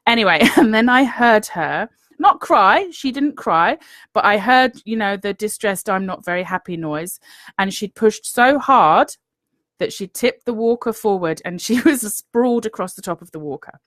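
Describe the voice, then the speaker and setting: A woman's voice: mid-range voice, lively intonation, a little slow, a bit bright, no room sound. A woman, giving an earnest, encouraging motivational talk to viewers and often checking in with "okay?". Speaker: business coach.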